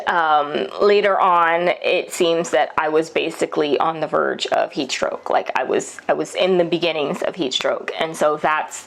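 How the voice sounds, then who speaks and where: Chatty woman vlogger telling a story. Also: on the low side. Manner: chatty, full of fillers and laughs, emotional retelling. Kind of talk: casual storytelling to camera. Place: Paris.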